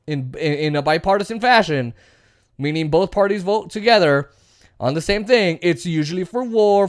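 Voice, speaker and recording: A man's voice: high-pitched, no echo, studio quality. A man hosting a political commentary show, ranting bluntly and profanely with many fillers. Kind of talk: casual political rant.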